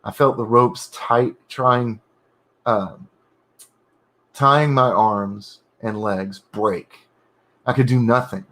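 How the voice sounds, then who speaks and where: A man reading his own horror story draft aloud, pausing in halting bursts to correct his wording and comment on it. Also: medium pitch, fairly even intonation, a bit bright. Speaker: writer streaming his editing.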